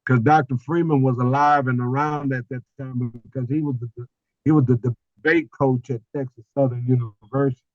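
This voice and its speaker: An older man on a video call, telling a personal story as a guest, animated and often repeating words as he restarts. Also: mid-range voice, fairly quick, no room sound, dull audio.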